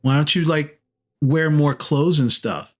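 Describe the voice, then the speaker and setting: A man's voice: fairly high pitch, measured pace, close to an everyday voice. A man doing a cheeky little halfling boy. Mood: taunting. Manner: blunt, childish taunting.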